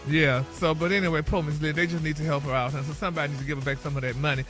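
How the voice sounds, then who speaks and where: A man's voice: on the high side, little pitch movement, rapid-fire, music in the background. A man hosting a radio morning-show gossip segment, chatty and peppering every phrase with "honey" and "y'all". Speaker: celebrity gossip segment host.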